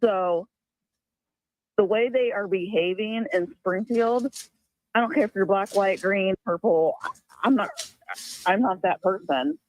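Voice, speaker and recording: A woman's voice: mid-range voice, unhurried, long pauses, no echo, low-quality recording. A woman speaking as a guest on a livestream panel, insistent and repetitive. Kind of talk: casual panel chat.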